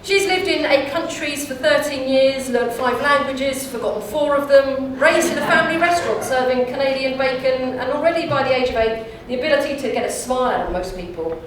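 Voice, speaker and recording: An upbeat woman with a high voice introduces the next speaker at a conference. She sounds very echoey and distant from the mic, with faint room ambience behind her. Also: fairly quick, few pauses, background noise. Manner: upbeat, announcing. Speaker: event host introducing speakers. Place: conference hall.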